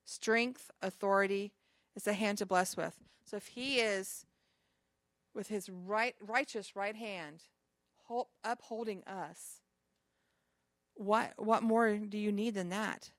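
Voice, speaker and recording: A woman's voice: mid-range voice, steady tone, slow, a bit bright, dry recording, clean studio sound. A woman pastor giving an informal sermon to a small group, talking conversationally with chatty asides between scripture readings.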